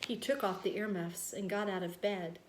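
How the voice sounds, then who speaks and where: A woman reading a children's story aloud, gentle and expressive. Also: medium pitch, normal speed, slight background noise. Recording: roomy echo.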